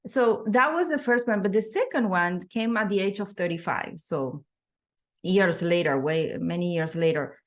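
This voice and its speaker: A woman's voice: on the low side, normal speed. A middle-aged woman sharing her personal story as a podcast guest, thoughtful, with frequent fillers and restarts.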